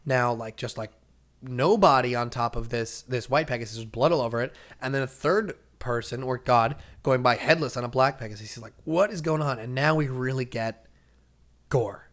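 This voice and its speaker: A man hosting a casual comics podcast, retelling a story in an animated way and acting out the characters' lines. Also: medium pitch, normal speed. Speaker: comics explainer host.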